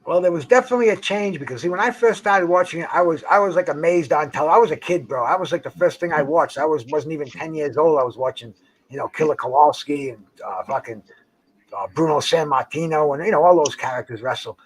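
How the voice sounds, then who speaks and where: An older man hosts a casual chat outdoors by a dock on the water, rambling and swearing as he stumbles over restarts. His voice is fairly high and he talks fast.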